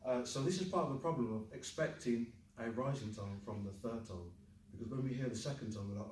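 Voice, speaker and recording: A man's voice: mid-range voice, fairly quick, darkish tone, a little hiss or hum. A man teaching a Chinese class, who leads drills and jokes with his students. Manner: upbeat, jokey, leads the class in chants and repetition. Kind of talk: classroom lesson with call-and-repeat drills. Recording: roomy classroom audio from a distant mic.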